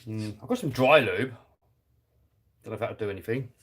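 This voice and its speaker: A man's voice: fairly low pitch, moderate pace, a bit bright, slight background noise. A man with a British accent chatting on a live stream while he works on a radio-controlled car, reading out viewer comments and laughing easily. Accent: British English. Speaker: RC hobby YouTuber reading live chat.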